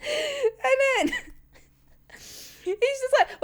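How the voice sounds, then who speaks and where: A woman's voice: high voice, sing-song, measured pace. A young woman chatting casually about a manga chapter, swearing a lot and laughing often. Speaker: manga reaction vlogger. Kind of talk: casual chat.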